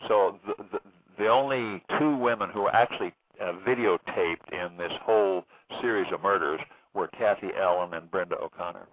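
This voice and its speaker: Male author guest, low voice, hesitant with frequent fillers; phone-line sound. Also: dry recording. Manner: halting, many fillers and restarts. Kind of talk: phone interview recounting a case.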